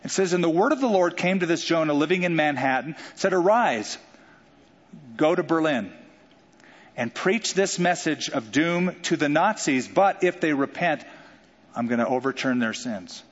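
Male pastor, animated sermon delivery, slightly high voice, dull recording. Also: moderate pace, slightly rough. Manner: animated preaching with jokes and acted-out quotes. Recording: dull sound with long hall reverb.

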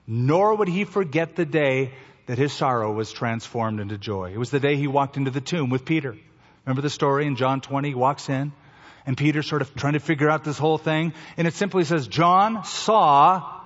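A male pastor preaching an Easter sermon, slowing down and dropping to a soft, low voice for emphasis. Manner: slows down for emphasis, drops to a soft low voice at key phrases. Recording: dull sound with long hall reverb.

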